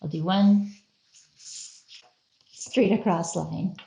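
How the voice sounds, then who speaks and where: A woman's voice: fairly low pitch, fairly even intonation, extremely slow, creaky, mellow, reverberant, rough recording. A woman leading a playful art lesson for children, acting out faces and little voices as she goes. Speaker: museum educator.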